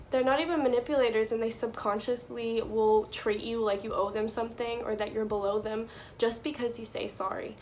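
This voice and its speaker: A woman's voice: on the high side, slight background noise. A young woman giving casual life advice to her viewers, chatty and full of "like" and "you know".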